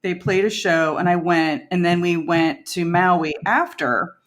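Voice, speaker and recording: A woman's voice: on the low side, unhurried, fairly bright tone, slight background noise. Chatty laughing woman telling stories. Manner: chatty, laughs often, rambling asides. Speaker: band member guest. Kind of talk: casual storytelling.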